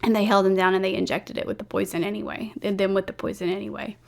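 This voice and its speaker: A woman's voice: mid-range voice, level tone, fast, gravelly, darkish tone. Chatty, emotional true-crime woman. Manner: chatty, filler-heavy, emotional, blunt asides. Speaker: true crime YouTube host. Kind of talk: casual storytelling to camera.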